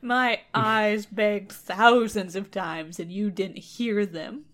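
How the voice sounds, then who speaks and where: A woman's voice: medium pitch, moderate pace, natural voice. A woman voices an ugly old fairy who loves without hope, swinging between disdain and pleading. The delivery is a mock-dramatic comic reading. The voice sits in a middling range. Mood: overwrought. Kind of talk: comedic storytelling reading.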